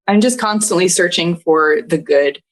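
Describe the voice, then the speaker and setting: A woman's voice: fairly low pitch, moderate pace. A woman in her thirties, a podcast guest, telling an emotional personal story with earnest, heartfelt feeling, often close to tears and laughing through it.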